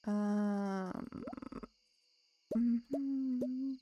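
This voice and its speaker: A woman's voice: fairly high pitch, extremely slow, mellow. A woman streamer chatting casually with her live viewers while she plays, teasing them back in a playful way and laughing often.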